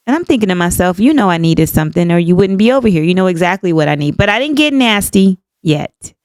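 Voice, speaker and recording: A woman's voice: fairly low pitch, smooth, dry recording. A woman in her fifties, a podcast host, candidly retelling a personal story and acting out both sides of the dialogue. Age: 50s.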